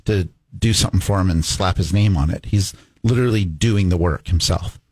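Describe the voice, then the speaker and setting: Lower-voiced middle-aged man, easygoing. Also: brisk, darkish tone, no room sound. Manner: easygoing, enthusiastic. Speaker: studio guest. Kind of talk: casual radio chat.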